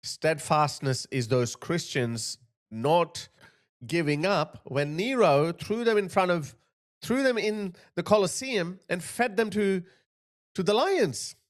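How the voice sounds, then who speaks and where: A man's voice: high-pitched, animated, takes it slowly. Mocking man with a raised voice. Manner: mocking, puts on voices of others. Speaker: commentary host. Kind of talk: reaction commentary.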